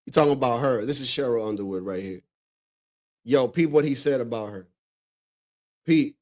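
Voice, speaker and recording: A man's voice: mid-range voice, moderate pace, a little mellow. A man from the Dominican Republic hosting a stream, reacting to clips in loose, profane chat full of "bro" and frequent laughter. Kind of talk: casual reaction commentary.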